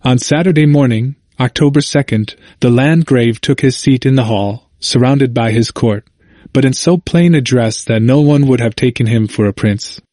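Dry, measured male audiobook reader. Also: medium pitch, warm tone, no echo. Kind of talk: scripted narration of a history book.

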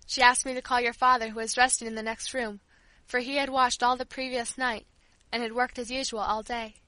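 Devoted elderly servant woman in a storybook, tender and earnest, high bright voice, read by a woman. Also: level tone, brisk, dry recording, rough recording. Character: kindly old female family servant, devoted.

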